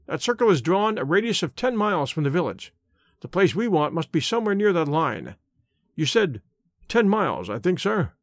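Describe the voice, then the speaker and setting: A man reading the part of a bluff police inspector, hearty and confident and quick to exclaim. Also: high-pitched, very animated, no echo, clean studio sound, full character voice. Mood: businesslike. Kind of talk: audiobook character reading.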